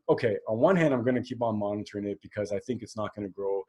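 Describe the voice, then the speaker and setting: A man's voice: fairly low pitch, lively intonation, quick pace, hardly any pauses, a little mellow. A man in his forties hosting a solo podcast, talking candidly and rambling, with many fillers and restarts. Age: 40s. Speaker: podcast host.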